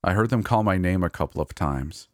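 Deep-voiced man narrating a horror story. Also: lively intonation, brisk, no room sound, studio quality.

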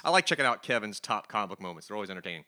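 Very bright-voiced upbeat male podcast host. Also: on the low side, sing-song, racing. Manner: upbeat, chatty, laughs often. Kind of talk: casual comics news chat.

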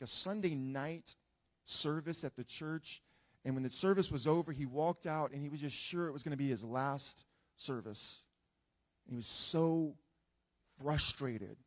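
A man preaching a sermon as a pastor, telling a story earnestly with frequent restarts. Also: fairly high pitch.

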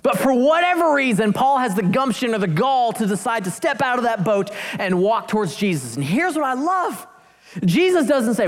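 A woman preaching a sermon, animated and emphatic, with jokey asides and slowed-down key phrases. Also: fairly high pitch, long reverb tail.

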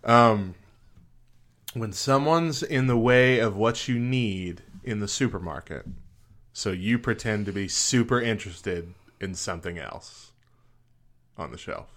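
A man's voice: fairly low pitch, animated, unhurried, fairly bright tone. A man co-hosting a podcast in casual chat, chatty and self-mocking and laughing often. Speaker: podcast co-host.

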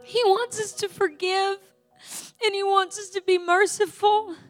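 A woman's voice: very high voice, flat delivery, unhurried, soft background music. A woman preaching a sermon and leading an altar call prayer, pleading and emotional, tearful at times.

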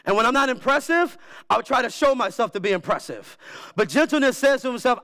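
A man preaching a sermon as pastor, animated and emphatic, repeating key words for effect. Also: very high voice, a little fast. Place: church.

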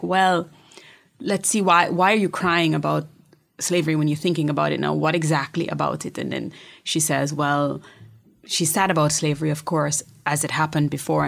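Low gravelly woman telling a story. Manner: reflective, often dropping to a soft whisper. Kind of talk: casual storytelling chat.

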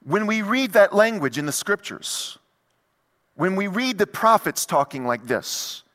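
Emphatic preacher in a reverberant hall. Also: male voice, high-pitched, sing-song, a little slow, fairly bright tone. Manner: emphatic, repetitive preaching with rising intensity. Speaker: pastor. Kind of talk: sermon. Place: church sanctuary. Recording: long reverb of a large hall.

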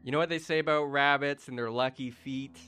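A man's voice: medium pitch, fairly even intonation, brisk, sharp tone, smooth. A man narrating as game master in a tabletop game, dramatic and playful.

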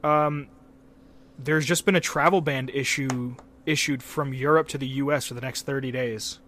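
A young man from Pennsylvania co-hosting a casual podcast, rambling and excitable and swearing a lot. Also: medium pitch, normal speed, slight background noise. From Pennsylvania, USA. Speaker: podcast co-host.

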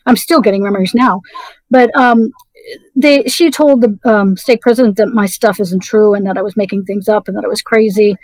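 A middle-aged woman telling her personal story as an interview guest, halting and full of restarts. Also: mid-range voice, fairly even intonation, a little mellow, no room sound, low-quality recording. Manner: halting, many restarts and fillers.

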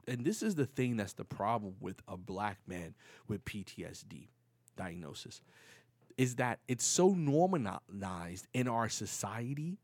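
Animated middle-aged man, New York accent. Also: mid-range voice, dry recording. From New York, the Bronx. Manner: animated, heated when acting out stories. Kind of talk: casual storytelling talk.

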